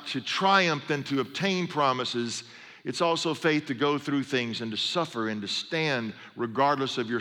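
A man's voice: medium pitch, sharp tone. Man, middle-aged, pastor, sermon, conversational storytelling, humorous asides, long hall reverb. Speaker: pastor and sports chaplain.

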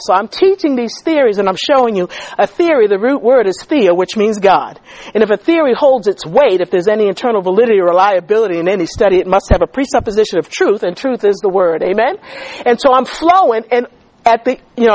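Woman, teacher and coach, preacher cadence, animated delivery, dry close recording. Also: medium pitch, no echo, poor audio. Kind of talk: testimony-style church talk.

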